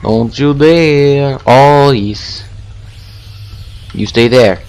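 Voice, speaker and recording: A man's voice: mid-range voice, extremely slow, darkish tone, clear, resonant tone. A man giving horror game commentary, jumpy and gasping, swearing and taunting the monster. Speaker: gaming video creator.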